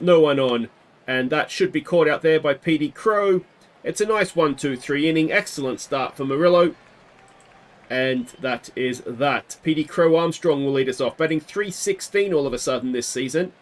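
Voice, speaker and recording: A man giving casual play-by-play commentary on a baseball video game he is playing, with bursts of excitement on big hits. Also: a little high. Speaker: gaming video host.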